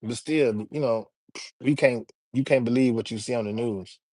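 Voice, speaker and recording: A man talks casually on a livestream, reading chat and tossing out shout-outs. His delivery is laid-back and full of slang, at an ordinary pitch. The sound is close and dry. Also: moderate pace, no echo.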